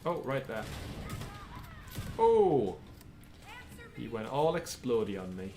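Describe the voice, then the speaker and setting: A man's voice: medium pitch, big pitch swings, takes it slowly, warm tone. A man co-hosting a livestream, chatting casually and calling out the action as he plays a shooter game. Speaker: livestream co-host. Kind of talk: casual gameplay commentary.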